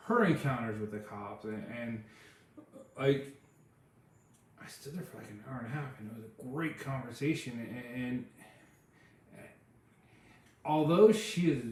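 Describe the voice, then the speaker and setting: A podcast co-host tells loose, rambling stories in casual chat, filling his speech with "like" and "um." His pitch is ordinary, and the room is very echoey.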